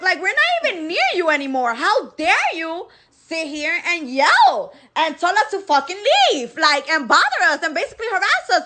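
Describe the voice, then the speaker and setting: A woman's voice: very high-pitched, very animated, normal speed, sharp tone, a little hiss or hum. A woman telling a story in casual, agitated talk, with lots of swearing. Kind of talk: casual recounting.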